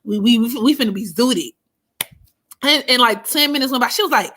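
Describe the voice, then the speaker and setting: A woman, telling a story in a casual chat, animated and profane, often laughing. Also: on the high side, a little fast. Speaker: astrology streamer.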